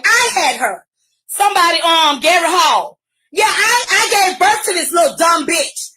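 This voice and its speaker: A middle-aged woman from Virginia, ranting loudly and profanely on a live stream. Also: very high voice, animated, normal speed. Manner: loud, profane, shouting. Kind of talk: angry live-stream rant.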